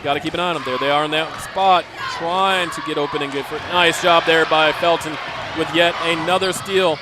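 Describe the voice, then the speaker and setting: A man calling a high school basketball game play by play, with excited calls and chatty asides. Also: a little fast, a crowd in the background. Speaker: play-by-play announcer. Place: school gym broadcast booth. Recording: noisy gym ambience behind.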